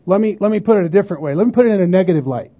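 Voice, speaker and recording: A pastor preaching a sermon emphatically, often asking the congregation whether they agree. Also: male voice, high voice, lively intonation, rapid-fire. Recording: dull lo-fi sermon recording.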